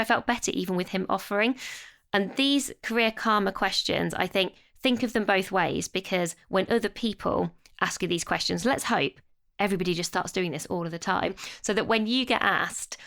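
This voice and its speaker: A woman with a smooth, clear, mid-pitched voice co-hosts a relaxed career podcast. She talks reflectively and shares personal stories with a self-deprecating touch. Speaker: podcast co-host. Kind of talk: casual podcast chat.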